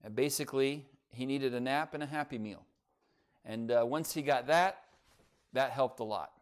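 A man's voice: mid-range voice, moderate pace, clean tone. A middle-aged man, a pastor giving a sermon in a church in a conversational, folksy way, telling a humorous family story.

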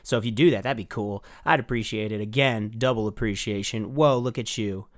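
A man's voice: lowish voice, a little fast, voice pushed down, natural voice. Man putting on a chirpy Canadian accent. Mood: folksy cheerful. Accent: put-on Canadian. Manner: folksy, chirpy, swears casually. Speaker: podcast host. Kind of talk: podcast sign-off.

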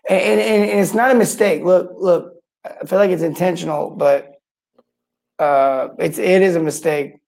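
A man's voice: high-pitched, fairly quick, gravelly, a little mellow. A man hosting his own show, telling a rambling, worked-up story in casual monologue with many restarts. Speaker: podcast host. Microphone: own mic and camera.

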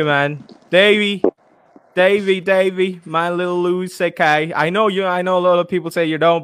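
A man's voice: on the high side, a bit bright, smooth, dry recording. A man from India, hosting a podcast in his home studio in a playful, upbeat way with many fillers. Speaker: podcast host. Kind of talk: casual podcast sign-off.

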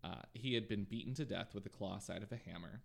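Gravelly low-voiced man telling true crime. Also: fast. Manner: relaxed narration with frequent ums and asides. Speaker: podcast host.

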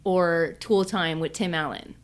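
A woman's voice: on the low side, fairly even intonation, measured pace. A woman hosting a casual podcast chat, teasing and playful. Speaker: podcast host, comedian.

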